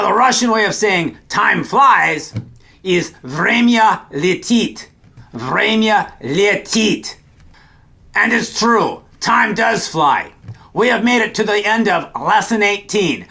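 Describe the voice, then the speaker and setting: Male lesson host, high and gravelly, chatty and upbeat, slowing down to repeat words. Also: sharp tone. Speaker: language teacher host. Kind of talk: upbeat scripted vocabulary lesson.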